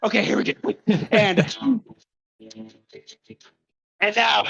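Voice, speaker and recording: Breathless, bright-voiced male podcast host. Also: high-pitched, normal speed, highs cut off. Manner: breathless, introducing guests while riding an indoor bike. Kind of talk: casual live podcast chat.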